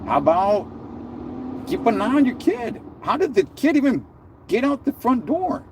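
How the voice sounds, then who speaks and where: A man's voice: extremely high pitch, sing-song, moderate pace, background noise. A man hosting a live stream, ranting in a heated, sarcastic way with slang and lots of repeated words.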